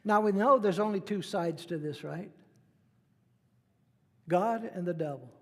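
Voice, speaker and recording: A man's voice: high-pitched, measured pace, big-room sound. A middle-aged man preaching a sermon in a conversational way, acting out the voices he quotes. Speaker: pastor.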